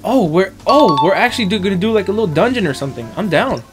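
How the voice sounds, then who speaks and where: A man streaming a video game and commenting loudly, excitable, joking and crude. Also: high voice, fast. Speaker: gaming streamer. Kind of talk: let's-play commentary. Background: game music.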